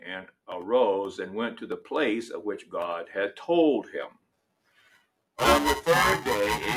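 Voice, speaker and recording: A man preaching a sermon, reading scripture aloud in a deliberate way and lifting his voice for emphasis. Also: medium pitch, fairly bright tone.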